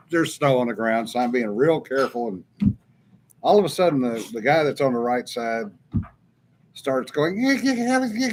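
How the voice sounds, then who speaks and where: A man's voice: mid-range voice, slight background noise. A man, co-hosting a casual live chat, telling stories and reading out viewer comments between laughs. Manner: storytelling, drawling, laughs often. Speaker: co-host.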